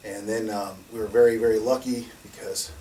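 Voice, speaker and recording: Animated man telling stories, far mic. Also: lowish voice, a little fast. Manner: animated, laughing, restarts and acts out quotes. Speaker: security company founder, guest. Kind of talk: casual storytelling conversation. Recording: distant mic with faint noise.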